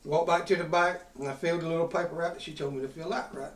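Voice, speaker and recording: A man's voice: on the high side, steady tone, fast talker, slight background noise. A man, hosting a podcast and telling a rowdy, profane story in a casual drawl. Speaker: podcast host. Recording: roomy sound from a distant mic.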